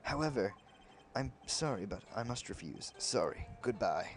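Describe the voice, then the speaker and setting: A man voicing a pompous older male lawyer who keeps clearing his throat theatrically. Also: fairly low pitch, animated, normal speed, soft background music, lightly acted.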